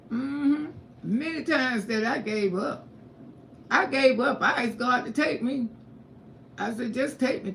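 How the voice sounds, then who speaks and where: A woman's voice: on the high side, gravelly, fairly bright tone, a little hiss or hum. A woman giving an emphatic, repetitive religious testimony on a livestream. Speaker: livestream host.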